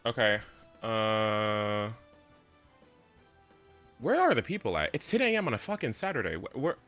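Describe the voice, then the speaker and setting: Bright, lively young-sounding man stammering. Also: on the low side, a little slow, soft background music. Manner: stammering, laughing, teasing, swearing. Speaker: streamer. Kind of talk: casual gaming banter over voice chat.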